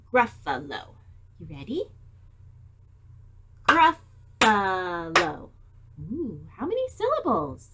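A woman reading a picture book aloud to young children, animated and asking them questions. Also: on the high side, breathy edge. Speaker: storytime reader.

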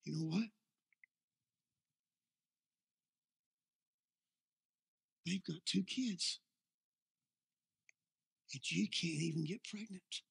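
Sly devil hissing in your ear, whispered role-play, husky and gravelly, a preacher putting it on. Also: male voice, high-pitched, takes it slowly, full character voice. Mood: needling. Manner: hushed insinuating whisper.

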